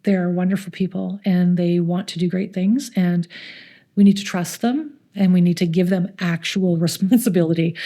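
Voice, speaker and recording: A middle-aged woman with a Canadian accent, a youth community centre coordinator telling stories and acting out the voices of the people in them. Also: lowish voice. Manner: warm anecdotal storytelling, acts out quoted voices. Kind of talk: storytelling interview.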